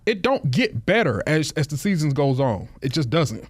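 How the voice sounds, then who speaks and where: A man's voice: a little high, sing-song, no echo. A man talking basketball in casual podcast chat, often repeating words as he gets a thought going. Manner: halting, repeats words when starting a thought. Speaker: podcast co-host.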